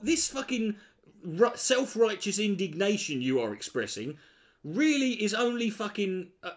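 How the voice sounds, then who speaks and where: Sarcastic man, lively pitch. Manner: sarcastic, swearing, mocking mimicry. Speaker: commentator reacting to a video. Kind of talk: reaction commentary.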